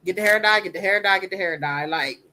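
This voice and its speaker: Soft-voiced woman, candid and emphatic. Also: mid-range voice, fast talker, a little hiss or hum, rough recording. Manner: emphatic, animated storytelling with repetition. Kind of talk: candid conversation.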